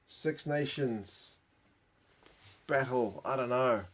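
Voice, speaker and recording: A man's voice: medium pitch, slow pace. A man giving live reaction commentary, thinking aloud with gasps and exclamations, tired late at night. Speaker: rugby channel host.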